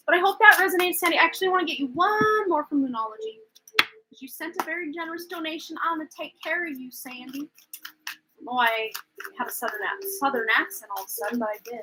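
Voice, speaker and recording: A woman's voice: high-pitched, background noise. A woman giving a live-streamed tarot reading, chatty and rambling, often unsure and laughing at herself. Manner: self-deprecating, laughs at herself. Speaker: tarot reader.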